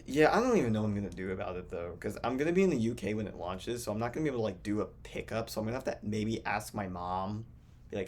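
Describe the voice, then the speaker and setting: Young man, podcast host, low voice, rambling casual talk, self-interrupting, faint room noise. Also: animated, rapid-fire, darkish tone. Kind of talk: casual chat.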